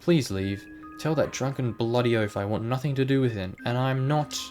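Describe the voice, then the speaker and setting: A man's voice: mid-range voice, normal speed, a little mellow, faint music behind, natural voice. A man voicing a prim late-middle-aged woman librarian who speaks sweetly but sharply and calls people dearie, while reading game dialogue aloud. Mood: flustered.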